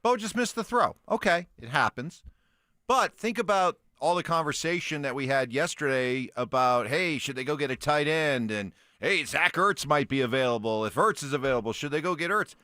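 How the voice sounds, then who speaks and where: A middle-aged man co-hosting a morning sports talk radio show, a former lineman who talks in an animated, emphatic way. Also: a little high, dry recording, studio quality. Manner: animated, emphatic, quick to laugh. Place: radio studio.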